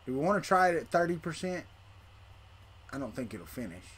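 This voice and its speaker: A man's voice: on the high side, big pitch swings, brisk, fairly bright tone, a little hiss or hum. A middle-aged man, hosting a casual livestream and rambling to his chat while he tinkers. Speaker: livestream host.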